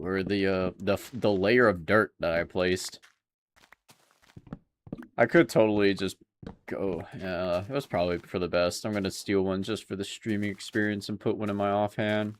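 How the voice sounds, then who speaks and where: A young man chatting casually with his viewers while playing a game, laid-back and laughing often. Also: fairly low pitch. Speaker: streamer. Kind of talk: casual gameplay commentary.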